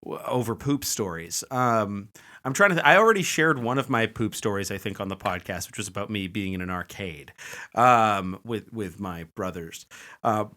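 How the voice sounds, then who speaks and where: A man's voice: lowish voice, expressive, normal speed, pushed and bright. A man co-hosting a comedy podcast in casual chat, spinning absurd bits with mock seriousness. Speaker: podcast co-host.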